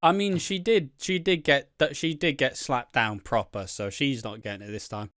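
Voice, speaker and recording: A man's voice: mid-range voice, normal speed, fairly bright tone, no room sound, clean studio sound. A young man hosting a podcast in casual, sweary, laid-back chat. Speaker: podcast host.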